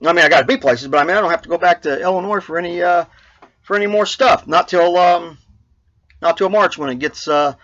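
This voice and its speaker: A man hosting his own trucking show, talking in a casual, rambling way with many halting fillers and chuckles. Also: sits high, fairly bright tone, lo-fi sound. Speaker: trucker podcast host.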